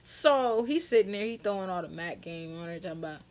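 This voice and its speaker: A young woman telling a storytime vlog in a sassy, animated, slang-filled way. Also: lowish voice, a little fast. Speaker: vlogger.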